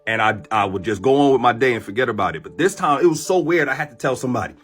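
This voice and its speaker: Animated man telling a dream story. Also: medium pitch, rapid-fire, soft background music. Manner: animated, profane street slang, retells a dream with voiced quotes. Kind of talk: casual storytelling to a phone camera. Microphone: phone.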